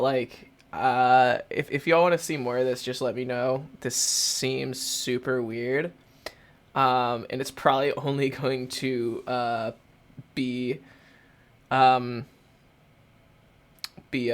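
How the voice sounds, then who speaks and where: A young man commenting on a game playthrough, rambling and amused, swearing casually. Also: medium pitch. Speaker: gaming youtuber.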